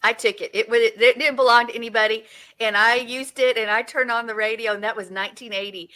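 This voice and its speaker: Brief: woman around sixty, bright and a touch high, animated co-host telling stories. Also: brisk, low-quality recording. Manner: animated storytelling with frequent restarts. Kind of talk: casual chat.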